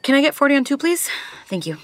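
A woman's voice: sits high, very animated, fast talker, a bit bright, a little hiss or hum. An actress playing a playful young woman who teases her friends on a road trip. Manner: teasing, playful.

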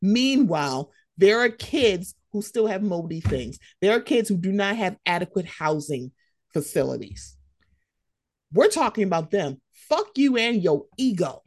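A woman co-hosting a podcast, ranting in heated casual commentary, animated and profane. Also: mid-range voice, measured pace, no room sound, studio quality.

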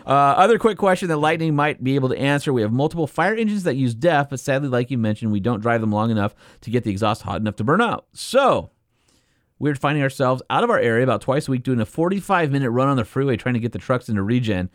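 An animated male podcast host talks in loose, joking chat, his pitch swinging widely as he laughs and riffs. The sound is close and dry, with no room around it. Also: fast talker, no echo. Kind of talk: casual chat.

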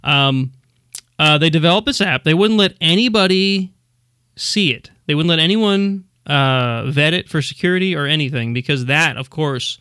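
A man hosting a casual podcast, talking in a rambling way and laughing often. His voice sits a bit high and sounds bright and sharp. The sound is dry and close, with no room echo. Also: expressive, moderate pace, clean tone. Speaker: podcast host.

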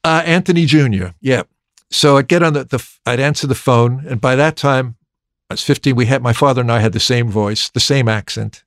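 An older man, a record producer telling stories from his youth in an interview, with many halting restarts. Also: mid-range voice, dry recording, clean studio sound. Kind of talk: storytelling interview.

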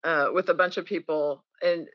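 Speaking at a normal speed in a lowish voice, a woman guests on a podcast, the audio muffled yet free of echo. Her storytelling is candid and animated, complete with impersonations of those she quotes.

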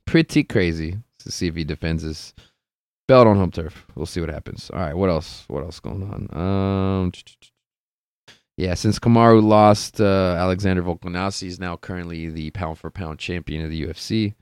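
A man hosting a solo sports podcast, talking casually and excitedly, swearing freely and laughing often. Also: deep voice, moderate pace, clear, resonant tone, no room sound, studio quality. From California. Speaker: podcast host.

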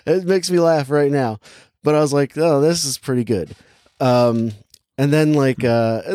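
A man's voice: medium pitch, unhurried, warm tone, no room sound. Rambling young man chatting casually. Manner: rambling, heavy use of "like", laughs easily. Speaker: podcast co-host reviewing a movie. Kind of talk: casual chat.

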